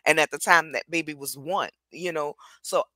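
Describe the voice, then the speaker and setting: A woman hosting a casual chat about reality television, blunt and candid in how she talks. Her voice is bright and forceful, and it sounds close and dry with no room echo. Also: low voice, moderate pace. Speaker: reality TV reviewer and host.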